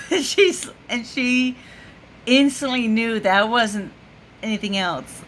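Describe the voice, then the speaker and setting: A woman's voice: a little high, slow, fairly bright tone, a little hiss or hum. A woman vlogger telling a story to the camera in a casual way, laughing often and full of fillers. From United States.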